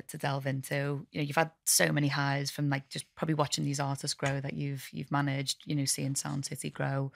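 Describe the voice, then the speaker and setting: A woman's voice: deep voice, vocal fry, dry recording, clean studio sound. A woman hosting an interview, asking long, looping questions with fillers. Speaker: podcast host.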